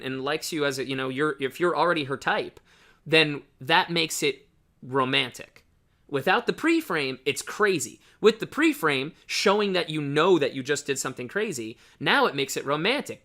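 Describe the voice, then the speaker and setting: A man's voice: a little high, bright, forceful tone. A man coaching on dating in casual, blunt talk, often checking in with the listener by asking "right?".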